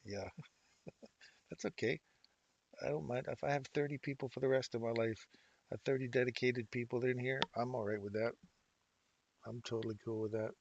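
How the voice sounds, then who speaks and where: A man's voice: medium pitch, fairly even intonation, moderate pace, long pauses, highs cut off, slight background noise. A man in his fifties, originally from England, hosting a casual trading livestream, chatting with viewers by name and laughing often while reading charts. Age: 50s. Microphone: desk mic, moved close.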